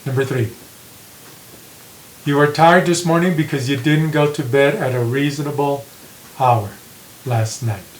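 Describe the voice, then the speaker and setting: Male teacher, mid-pitched, unhurried, walks students through example sentences in a roomy space with light hiss. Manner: slow, deliberate, repeats example sentences. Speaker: English grammar teacher. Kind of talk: slow classroom grammar lesson. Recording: echoey room with faint hiss.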